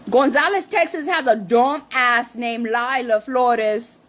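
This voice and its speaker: A woman's voice: a little high, measured pace, few pauses, fairly bright tone. A woman co-hosting a livestream, ranting defensively and swearing, with Spanish phrases mixed in. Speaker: livestream co-host. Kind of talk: heated casual rant.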